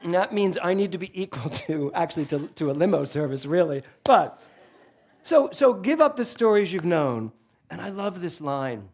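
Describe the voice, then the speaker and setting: A male minister delivering a sermon in a church, telling humorous stories in an animated, joking way into a handheld microphone. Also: sits high, normal speed. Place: church sanctuary before a congregation.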